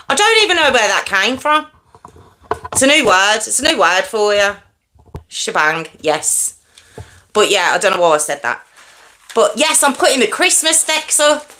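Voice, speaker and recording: Hyped-up woman chatting on a home live stream, bright lively voice, bouncing all over. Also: fairly high pitch, measured pace, pauses often, a little hiss or hum. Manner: excitable, chatty, talks to herself while fiddling with lights. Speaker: true crime live-stream host. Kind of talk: casual live-stream chat with viewers. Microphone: desk microphone.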